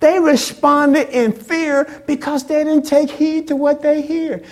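A woman pastor preaching a sermon, acting out quoted lines with big swings in pitch and loudness. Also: steady tone, a little slow.

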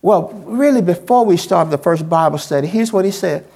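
Gravelly preaching pastor, man. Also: high-pitched, lively intonation, normal speed, a little mellow. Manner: repetitive, call-and-response preaching cadence; colloquial, folksy phrasing. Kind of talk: sermon.

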